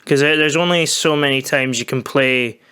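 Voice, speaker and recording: A man's voice: mid-range voice, normal speed, sharp tone, clear, resonant tone. A man co-hosting a podcast in easygoing, jokey chat, often agreeing with his partner. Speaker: podcast co-host.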